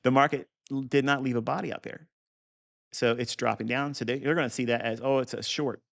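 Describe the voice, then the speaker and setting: A man's voice: medium pitch, steady tone, brisk, gravelly. A middle-aged man giving an unscripted trading lesson in a blunt, profane way, with rambling asides. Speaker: trading teacher.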